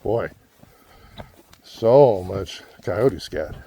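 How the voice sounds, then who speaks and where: A man's voice: low-pitched, animated, drawn-out words, warm tone, breathy edge. Breathless man chatting on a hike. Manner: chatty, self-deprecating. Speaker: vlogger. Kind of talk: casual hiking vlog. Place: outdoors on a desert hiking trail.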